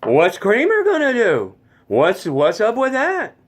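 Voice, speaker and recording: A man's voice: sits high, wildly swooping pitch, slow, voice pushed up, heavily acted. A man doing an impression of a famous male sitcom comedian, with a sing-song questioning cadence. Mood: quizzical.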